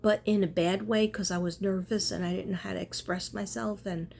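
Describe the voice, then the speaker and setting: A woman's voice: mid-range voice, steady tone, brisk, vocal fry, darkish tone. Earnest rambling woman vlogger. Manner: rambling, self-interrupting, earnest. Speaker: spiritual artist and vlogger. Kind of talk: casual spiritual vlog chat.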